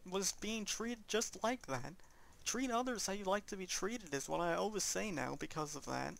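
A man's voice: high-pitched, lively intonation, moderate pace, vocal fry, fairly bright tone. A young man rambling earnestly and heartfelt in casual chat over his let's play commentary.

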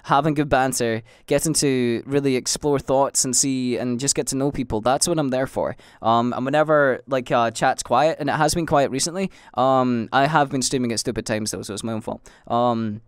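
A man's voice: medium pitch, normal speed, few pauses, clean tone, no room sound, clean studio sound. A young Scottish man hosting his own podcast, rambling through a casual solo monologue full of fillers, restarts and swearing. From Scotland. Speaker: podcast host and livestreamer.

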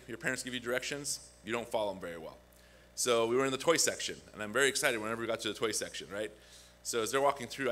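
A man's voice: on the low side, slight background noise. A man preaching a conversational sermon as a guest pastor, telling a personal story. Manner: conversational, animated when acting out quotes. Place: church.

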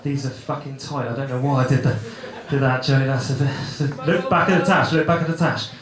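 On a comedy club stage before a live crowd, a young comedian delivers an awkward, rambling set full of swearing and self-mockery. His mid-range voice moves fairly quickly with fairly even intonation, and the echoey room fills with loud laughter.

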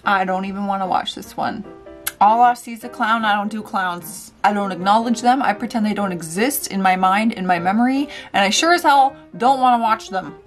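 A woman hosting a casual reaction vlog, sassy and animated, with loud outbursts and slow mutters. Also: mid-range voice, faint music behind. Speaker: YouTube reaction host.

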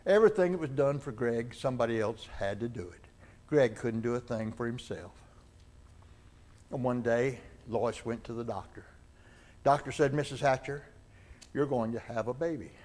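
An older male pastor preaching in a church, in a middle-range voice. He tells a story and slips into the voices of its people, getting louder or softer with the feeling of each moment. The telling is unhurried and plain. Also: medium pitch. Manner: acts out dialogue in the story, with rises and falls in loudness. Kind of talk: sermon storytelling. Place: church sanctuary.

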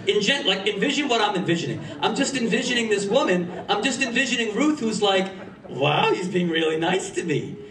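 A middle-aged male pastor preaching a sermon in a conversational, animated way with self-deprecating humor. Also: fairly high pitch, a little hiss or hum. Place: church sanctuary. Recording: echoey church hall from far off.

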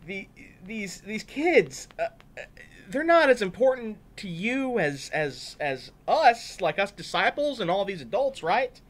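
A man's voice: high-pitched, sing-song, a little slow, voice pushed up, full character voice. A man voicing indignant male disciples who stammer and bluster as they try to shoo children away. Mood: flustered. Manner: stammering, loud, whiny.

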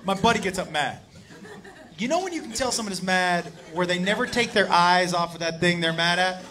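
A man telling a loud, profane story as a stand-up comedian, acting out the people in it. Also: sits high, expressive, a little fast. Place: comedy club stage with laughing audience. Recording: live club recording with crowd noise.

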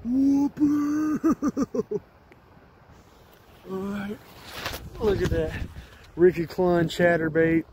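A man narrates his fishing in an excitable, exclaiming way, often repeating himself. His voice sits high, and heavy outdoor noise from the water and a boat runs behind him. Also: extremely slow, long pauses. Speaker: fishing vlogger. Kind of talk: casual fishing commentary. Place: outdoors on a lake.

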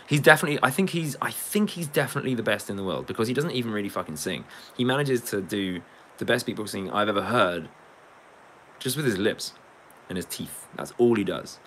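A man's voice: on the low side, fairly bright tone, a little hiss or hum. A man and beatboxer chatting casually on a live stream. He rambles, jokes, swears freely and often breaks into laughter. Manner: rambling, jokey, swears a lot, cracks up laughing.

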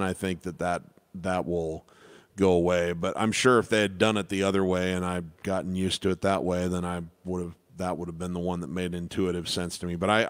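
A man's voice: low-pitched, no echo. Laid-back man teaching piano. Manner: relaxed, rambling, self-deprecating with many restarts. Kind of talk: casual live Q&A lesson.

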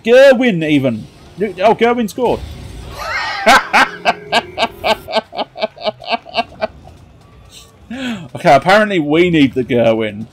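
A man with a jokey, excitable manner, commentating his own car football match and cheering on his teammates. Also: mid-range voice, husky. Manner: excitable, cheering on teammates with shouts and silly jokes. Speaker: gaming commentator.

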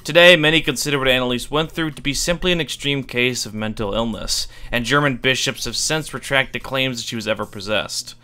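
Bright, crisp-voiced man narrating wryly. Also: medium pitch, brisk, hardly any pauses. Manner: wry, offhand, swears for comic effect. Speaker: YouTube iceberg explainer. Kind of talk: scripted video narration with casual asides.

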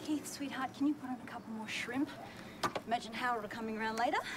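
A woman's voice: on the high side, fast, loud music behind the voice, close to an everyday voice. An Australian woman playing a young woman who is an exasperated, put-upon girlfriend in a comedy sketch. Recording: loud background noise, distant from mic.

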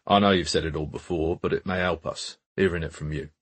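A man's voice: deep voice, fairly even intonation, brisk, slightly rough. A man voicing a blunt, persistent male detective who asks direct, pressing questions. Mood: probing.

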